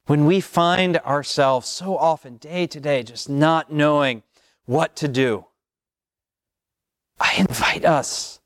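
A man preaching a sermon as pastor, slow and measured, repeating phrases with long pauses. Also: a little high, dry recording, studio quality.

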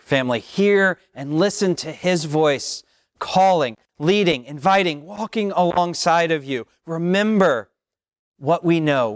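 A man preaching a sermon as pastor, slow and measured, repeating phrases with long pauses. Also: on the high side, dry recording, studio quality.

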